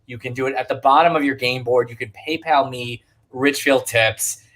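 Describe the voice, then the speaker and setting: A man's voice: mid-range voice, steady tone, moderate pace, fairly bright tone, slight background noise. A man co-hosting a livestream bingo show, upbeat as he asks for tips and thanks supporters. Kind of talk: casual livestream chat.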